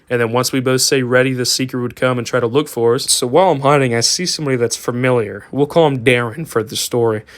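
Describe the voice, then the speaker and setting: Loose, profane young man telling a story. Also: medium pitch. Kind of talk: casual storytime.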